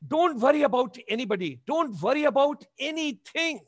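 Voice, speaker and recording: Older Indian man, high voice, dry sound, emphatic motivational speaker, repeating his urgings. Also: animated, normal speed, dry recording. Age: 70s. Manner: emphatic, repetitive exhortations. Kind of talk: motivational webinar talk.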